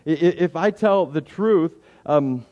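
A man's voice: on the high side, lively intonation, measured pace, lo-fi sound. A man preaching a sermon, often restarting his words and acting out everyday excuses. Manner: stammering restarts, acts out quoted excuses. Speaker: pastor. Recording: long hall reverb.

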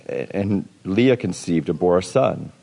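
A man's voice: low-pitched, animated, takes it slowly, vocal fry, mellow. A man preaching a sermon in a casual, joking way, sometimes putting on playful voices. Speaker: pastor. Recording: long hall reverb.

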